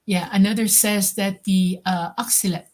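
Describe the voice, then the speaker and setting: A woman under hypnosis, slowly describing visions in a halting way. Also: medium pitch, fairly even intonation, a little mellow. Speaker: hypnosis client.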